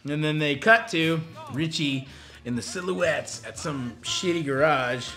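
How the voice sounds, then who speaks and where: Gravelly, animated male comedian; profane rambling retelling. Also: on the high side, unhurried. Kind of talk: crude comic retelling of a film.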